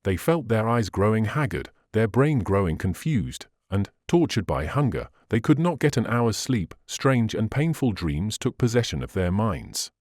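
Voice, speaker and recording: Man reading an old adventure book, lowish voice, swoops a lot, dry close sound. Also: no echo. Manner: expressive, measured reading. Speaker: audiobook narrator. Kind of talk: scripted narration.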